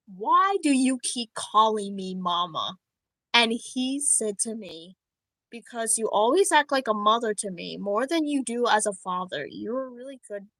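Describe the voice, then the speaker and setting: A woman plays a doting animatronic rabbit father in a high, lively voice that swoops up and down. He talks slowly and chattily, breaks into giggly, flustered outbursts, and sounds bright and close in a dry space. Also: dry recording, poor audio. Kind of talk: livestream role-play chat.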